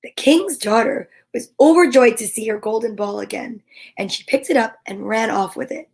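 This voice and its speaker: A woman's voice: on the high side, normal speed, creaky, a little mellow. A woman hosting a storytime, reading a fairy tale aloud with playful chatty asides. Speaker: storyteller host. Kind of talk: children's read-aloud.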